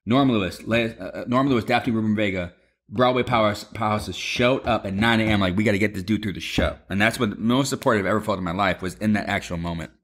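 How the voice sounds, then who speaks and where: A man telling a lively story to his mother over a video call, swearing freely and acting out quotes. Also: on the low side, fast. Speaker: son, former Broadway performer.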